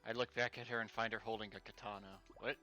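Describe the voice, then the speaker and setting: A man's voice: lowish voice, flat delivery, fast, bright, forceful tone, faint music behind. A male streamer reading game text aloud, breaking in with sarcastic, exasperated asides and swearing.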